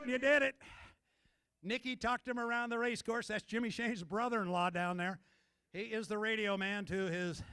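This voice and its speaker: A man calling live boat race commentary, excited and shouting as the action peaks. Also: sits high. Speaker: race announcer.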